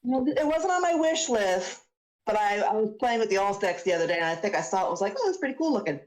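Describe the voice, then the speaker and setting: A woman's voice: medium pitch, animated, poor audio. A woman playing in a tabletop game, chatty and playful. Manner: chatty, playful, quick to laugh. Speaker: player.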